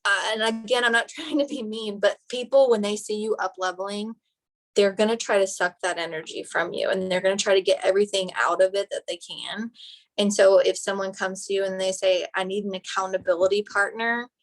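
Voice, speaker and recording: A young woman giving an animated, direct motivational talk to her team on a live phone video. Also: mid-range voice, brisk, poor audio. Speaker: team leader and nurse.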